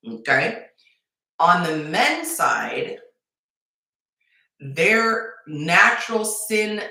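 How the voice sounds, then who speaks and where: A woman dating coach giving advice on a live stream, emphatic and repetitive with sudden excited bursts. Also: low-pitched. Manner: emphatic, repeats points, animated bursts. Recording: very echoey room.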